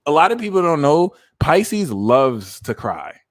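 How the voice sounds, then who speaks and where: A man hosting a casual astrology and tarot livestream, talking in an animated, profane, jokey way. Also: fairly high pitch, a little slow.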